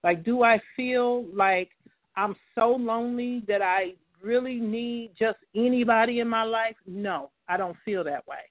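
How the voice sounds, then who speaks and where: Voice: mid-range voice, measured pace, no room sound. A talk show host speaking bluntly and emphatically, taking calls. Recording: phone line.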